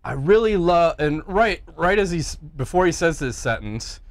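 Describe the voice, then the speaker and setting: A middle-aged man hosting a podcast, telling stories in casual chat, animated and swearing freely as he acts out the people he quotes. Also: on the high side, unhurried, dry recording. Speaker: podcast host.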